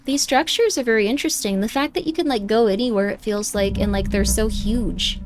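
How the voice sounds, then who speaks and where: A woman's voice: a little high, brisk, background noise. A woman streamer chatting casually while playing a game, rambling with lots of filler words. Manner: rambling, heavy use of 'like'. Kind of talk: casual gaming livestream chat. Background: faint game music.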